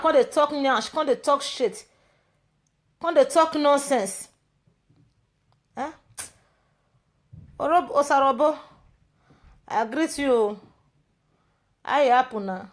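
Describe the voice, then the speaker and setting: Woman, Nigerian Pidgin accent, slightly high voice, mocking, rambling rant. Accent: Nigerian Pidgin English. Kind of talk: casual ranting monologue.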